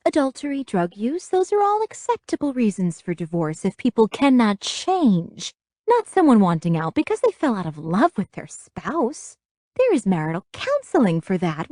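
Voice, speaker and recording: Narrator playing a devout, lecturing middle-aged mother, lively, preachy, in a dry audiobook read. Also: mid-range voice, no echo, pitched above the performer's own voice, lightly acted. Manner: lecturing, instructive, finger-wagging.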